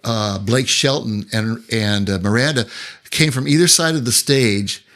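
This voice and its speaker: A man spins casual anecdotes as an interview guest, his voice at an ordinary middle pitch. He talks in a loose, chatty way, doubling back on his words and slipping into the voices of the people he quotes. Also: unhurried. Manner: animated anecdote-telling, acting out others' lines; loose, chatty phrasing with restarts. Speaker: songwriter guest.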